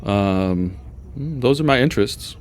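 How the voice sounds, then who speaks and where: A man voicing a stern, battle-loving older male temple leader with a halting, clumsy go at a Scottish accent. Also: lowish voice, animated. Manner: gruff, clipped, halting attempt at a Scottish accent. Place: backyard.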